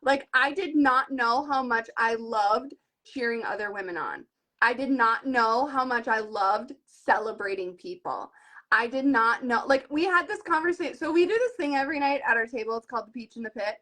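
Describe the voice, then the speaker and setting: Woman, 30s, high voice, sales team leader; earnest, animated storyteller. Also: moderate pace. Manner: earnest and animated, retells conversations in lively voices. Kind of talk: live video conversation.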